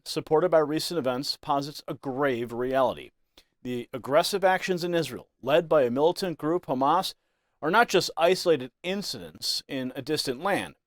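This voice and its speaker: A man's voice: a little high, no echo. Brief: male voice-over narrator, scripted news special, grave emphasis, dry studio sound. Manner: ominous, emphatic delivery.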